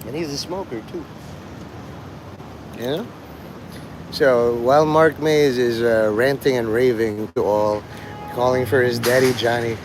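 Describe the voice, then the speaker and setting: A man's voice: medium pitch, fairly even intonation, a little slow, pauses often, background noise. A man streaming, rambling in casual commentary, sarcastic and swearing, mocking people. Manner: sarcastic, swears, mocks others in put-on whiny voices.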